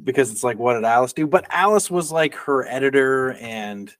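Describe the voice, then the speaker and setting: Brief: male podcast co-host, middle pitch, dry close sound, jokey and rambling. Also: expressive, moderate pace, a bit bright, no room sound. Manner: joking, rambling with restarts and laughs. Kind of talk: casual chat.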